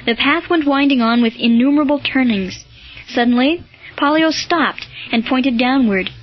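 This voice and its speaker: A woman reading a historical novel aloud in a measured, steady narration. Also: sits high, dull audio. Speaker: audiobook narrator. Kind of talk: scripted narration.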